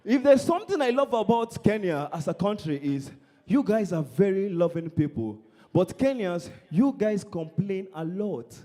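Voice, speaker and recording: A man's voice: high-pitched, very animated, moderate pace, warm tone. A young man from Nigeria with a Nigerian accent, performing live stand-up comedy and teasing the crowd.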